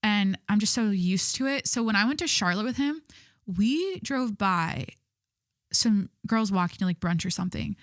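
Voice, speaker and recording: A woman's voice: mid-range voice, lively intonation, normal speed, dry recording, clean studio sound. Candid gossipy young woman podcaster. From Southern California. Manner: candid, gossipy, swearing, laughs at herself. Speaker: podcast host. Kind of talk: casual solo podcast chat.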